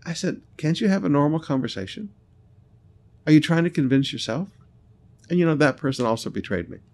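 A pastor delivering a sermon in a somewhat high male voice, hammering points home through repetition. He drags out scripture word by word, then drops into easy, conversational storytelling. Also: expressive, a little mellow. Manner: emphatic preaching, repeating lines and slowing on scripture.

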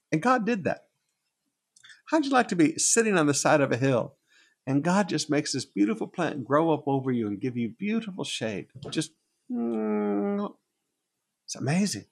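A man preaching a sermon, with a gravelly, husky voice, repeating phrases for emphasis. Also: a little high. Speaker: pastor.

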